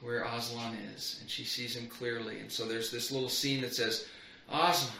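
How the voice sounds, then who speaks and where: A man's voice: mid-range voice, little pitch movement, normal speed, vocal fry, pushed and bright, a little hiss or hum. A middle-aged man preaching a sermon as pastor, earnest and building on repeated phrases. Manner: earnest, repetitive build-ups. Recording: roomy echo.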